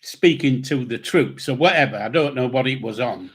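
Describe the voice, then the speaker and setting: A man's voice: mid-range voice, expressive, normal speed, a bit bright, husky. An older man with a Yorkshire accent, co-hosting a live chat show in a blunt, unfiltered manner. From Yorkshire, England. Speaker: co-host. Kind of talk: casual chat.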